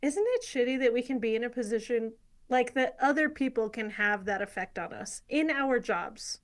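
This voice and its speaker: Female podcast host, slightly high voice, laughs and reacts, casual interview. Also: animated, moderate pace. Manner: reactive, laughs often, asks follow-up questions.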